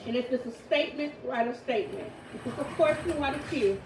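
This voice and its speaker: A woman in her thirties leads a home grammar lesson in a firm, deliberate way, her voice pitched high. The recording is roomy and echoey, caught from a distance. A steady background noise sits under her speech. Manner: firm, slow and deliberate when reading sentences aloud. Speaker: homeschooling mother teaching her children. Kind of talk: classroom instruction. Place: home table with children. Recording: echoey room, mic far off, background noise.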